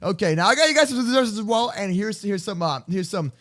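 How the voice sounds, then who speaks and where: Excitable high-voiced young man. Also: fast talker. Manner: excitable, jokey, lots of restarts. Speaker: roleplay host. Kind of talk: playing a Minecraft roleplay.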